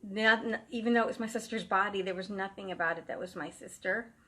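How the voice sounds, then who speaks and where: A woman's voice: medium pitch, fast, bright, forceful tone. A woman telling a true ghost story in a casual, rambling way, full of fillers and restarts. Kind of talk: casual first-person storytelling.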